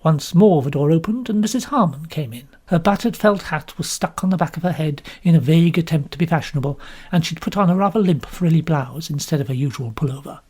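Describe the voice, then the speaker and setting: A woman from London with a British accent, narrating an audiobook in an expressive, lively storytelling manner. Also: low-pitched, a little fast, husky. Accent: British English. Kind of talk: scripted narration.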